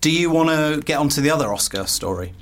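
A man's voice: on the high side, expressive, fast, fairly bright tone. A man co-hosting a podcast, chatting casually with jokey comic asides. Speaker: podcast co-host. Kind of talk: casual chat.

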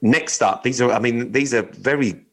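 A man's voice: mid-range voice, normal speed, low-quality recording. A man co-hosting a casual podcast, swearing and joking as he reads out odd news stories. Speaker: podcast co-host.

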